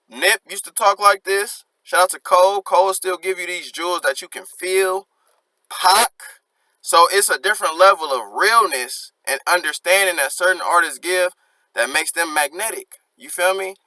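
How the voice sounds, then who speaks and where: Bright-voiced man breaking down rap lyrics. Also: high voice, no echo, poor audio. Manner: reflective, earnest, slangy, quotes lyrics aloud. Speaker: music reaction host.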